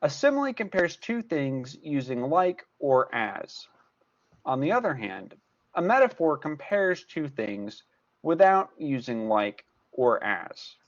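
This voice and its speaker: With a fairly high, very animated voice, a man tutoring math moves slowly through a recorded class lesson step by step, repeating the main points with emphasis. The recording has its high frequencies cut off.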